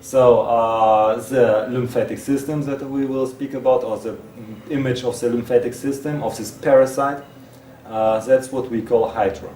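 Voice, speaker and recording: Guy reading out a text, stops and repeats himself a lot, mellow tone, sounds far from the mic. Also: mid-range voice, steady tone. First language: Russian. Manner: halting, repeats words and restarts. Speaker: presenter. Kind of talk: reading a text aloud with asides. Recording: roomy, distant mic, faint hiss.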